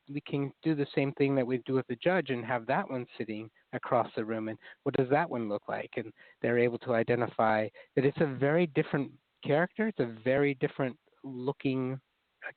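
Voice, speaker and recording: A man's voice: mid-range voice, no echo, narrow, tinny audio. A man speaking as a therapist guest in an interview, explaining ideas in an earnest way and acting out inner critical voices.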